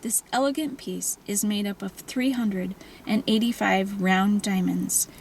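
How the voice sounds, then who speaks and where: A woman voicing an older silver-haired male jeweler with a French accent, formal and hushed, in an audiobook reading. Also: medium pitch, steady tone, gravelly, slight background noise, low-quality recording. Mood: reverent. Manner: formal, reverent, slow and hushed.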